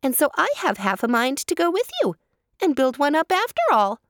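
A high, chattering storybook hare, flighty and talkative, her voice leaping up and down as a woman puts her on. The sound is dry and close. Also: sing-song, moderate pace, no echo. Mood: chatty.

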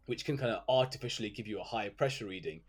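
A man's voice: on the low side, rapid-fire, husky, soft background music. Young man, interview guest, loose chatty storytelling style. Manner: chatty storytelling, filler words. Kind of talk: casual interview chat.

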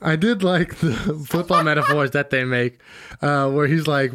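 A man co-hosting a casual podcast chat, an animated storyteller who acts out the quotes he recounts. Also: fairly high pitch, normal speed, noisy background. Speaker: podcast co-host.

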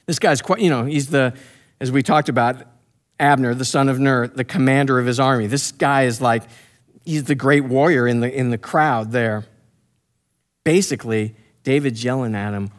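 A man's voice: medium pitch, moderate pace. A man preaching through a Bible passage, reading verses and adding casual, slangy commentary while acting out the quotes. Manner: casual slangy asides, acts out quotes loudly. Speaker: pastor teaching a Bible passage. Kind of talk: expository sermon, reading scripture and commenting.

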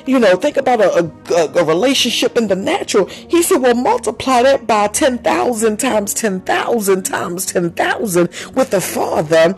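A fervent prophetic minister preaching spontaneously, crying out "oh God" again and again, breaking into tongues, and lifting the voice when quoting the Lord. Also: medium pitch. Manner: fervent, repeating exclamations and speaking in tongues.

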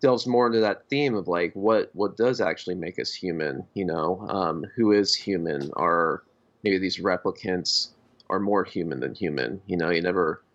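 A man co-hosting a podcast, talking about films in a halting, hesitant way. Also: low voice. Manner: halting, full of fillers and restarts. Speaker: podcast co-host. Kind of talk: casual film discussion. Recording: dull lo-fi podcast audio.

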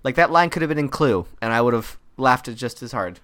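A man co-hosting a podcast in casual chat, riffing and quoting others in quick voices. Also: mid-range voice, animated, a bit bright. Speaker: podcast co-host.

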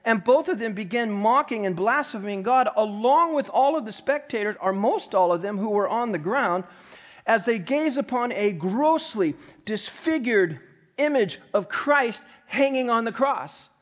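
A man's voice: high-pitched, lively intonation, unhurried. A man preaching as pastor in a church, reading scripture aloud and dramatizing the mockers' taunts with rising intensity. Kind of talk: sermon.

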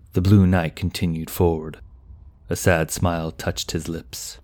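Deep, slow male storyteller. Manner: slow, even, measured storytelling. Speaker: narrator. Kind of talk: scripted audiobook narration.

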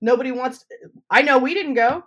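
A woman co-hosting a podcast in casual chat, a loud, excitable storyteller who swears freely. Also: high-pitched, normal speed. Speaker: podcast co-host.

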